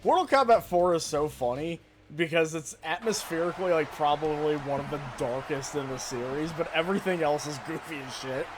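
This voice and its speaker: A man co-hosting a game stream, relaxed and quick to laugh. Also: on the high side, background noise. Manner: laid-back, quick to laugh. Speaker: streamer co-host. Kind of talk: casual gaming stream chat.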